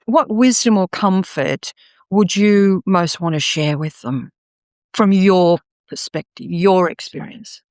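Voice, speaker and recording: Smooth-voiced woman podcast host. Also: fairly low pitch, no echo, clean studio sound. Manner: warm affirming listener, reflective, many repeats. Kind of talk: casual interview chat.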